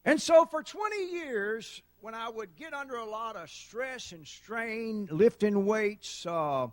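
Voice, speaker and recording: A middle-aged man preaching a sermon, telling folksy stories and building to loud shouts. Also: high voice, animated, slow pace, dry recording, clean studio sound. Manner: folksy storytelling, dramatic swings to loud shouting. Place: church sanctuary.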